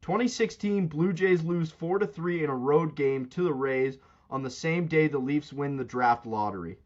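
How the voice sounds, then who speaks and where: Dude ranting on a sports podcast, kinda high voice, muffled lo-fi sound. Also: male voice, normal speed. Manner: loud, mocking rants with big pitch jumps. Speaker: podcast co-host. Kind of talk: casual sports chat. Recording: dull lo-fi sound.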